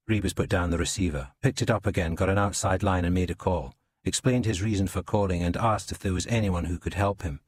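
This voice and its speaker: A man reading a crime novel as narrator, in an even, understated way. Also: low voice, brisk, few pauses, breathy edge, no echo. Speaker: audiobook narrator. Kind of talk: scripted narration.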